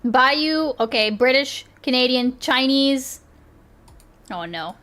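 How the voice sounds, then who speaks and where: A woman's voice: high-pitched, lively intonation, slow, a bit bright. A woman streamer chatting casually, constantly restarting and interrupting herself. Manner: self-interrupting, frequent restarts and laughs. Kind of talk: casual chat.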